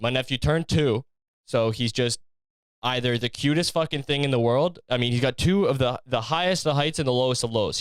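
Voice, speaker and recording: Brief: young male host, rambling and profane, smooth tone, dry close mic. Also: medium pitch, dry recording. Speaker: podcast host. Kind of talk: casual solo monologue.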